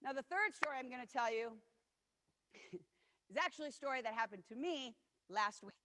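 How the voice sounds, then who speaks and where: A woman in her forties delivers a motivational keynote, sharing personal stories earnestly and acting out what other people said. Her high, expressive voice is bright and pushed, moving at a normal pace. The recording carries a long hall reverb.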